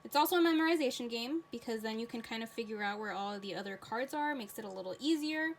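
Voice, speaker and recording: Female teacher, fairly high voice, patient child-directed read-aloud and game instructions. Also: fast, vocal fry, a little hiss or hum, rough recording.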